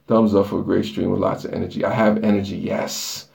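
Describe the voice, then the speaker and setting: A man's voice: low-pitched, little pitch movement, brisk, vocal fry, hardly any pauses, darkish tone. A man live streaming from his bathroom, chatting loosely with viewers, joking and rambling as he reads their comments aloud. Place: dark bathroom lit by a flashlight.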